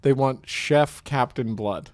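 A man's voice: medium pitch, takes it slowly, a little mellow, no echo, natural voice. A man improvising a deferential ship officer who relays absurd orders and keeps breaking into giggles. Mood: harried. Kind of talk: improv comedy scene.

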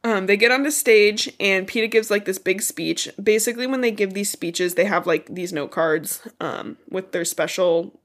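This podcast co-host is a woman with a stuffy, congested nose, speaking in a mid-range, fairly bright voice at normal speed with hardly any pauses. She chats casually while loosely recapping a book, swearing and tossing in asides as she goes.

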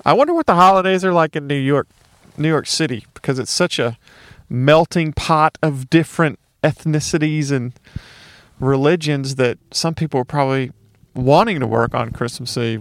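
A man from Mississippi, with a light Southern accent and a fairly high voice, delivers a casual solo comedy monologue at a normal pace. He rants, tossing in profane and sarcastic asides, and the studio recording is clean with no echo.

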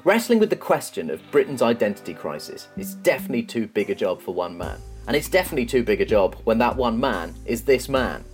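A man's voice: mid-range voice, very animated, a little fast, hardly any pauses, faint music behind. A man hosting a podcast, narrating scripted links and interviewing a guest, wry and self-deprecating. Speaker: podcast host.

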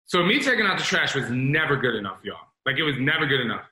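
A man's voice: mid-range voice, sing-song, fast talker, sharp tone. A man in his forties giving a candid, rambling motivational talk, confessing personal stories and addressing listeners as y'all. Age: 40s. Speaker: self-improvement talk host. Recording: roomy echo.

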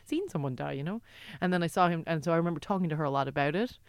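A woman's voice: low voice, racing, smooth, no room sound. Reflective, hesitant woman in conversation. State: sad. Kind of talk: casual chat.

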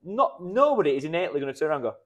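Male podcast co-host, rapid delivery, slightly raised pitch, storyteller. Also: very animated. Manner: fast-talking storyteller, gives friendly advice. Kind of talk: casual podcast chat.

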